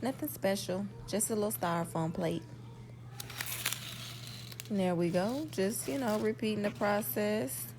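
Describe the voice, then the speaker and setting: A woman's voice: medium pitch, measured pace, pauses often, noisy background. A young woman hosting a casual cooking tutorial, chatty and folksy, talking to her viewers as y'all. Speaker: cooking channel host.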